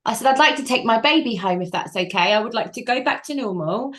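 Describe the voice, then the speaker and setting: A woman's voice: fairly high pitch, animated, quick pace, fairly bright tone. A woman, an interview guest telling her own story frankly and emotionally, with flashes of dry humour and tears at times. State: crying at times. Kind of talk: candid personal storytelling.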